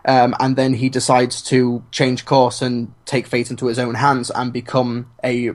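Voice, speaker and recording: Male podcast co-host, casual, filler-heavy, deadpan humor, average pitch. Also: measured pace. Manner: hesitant, many fillers, dry humor. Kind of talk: casual chat.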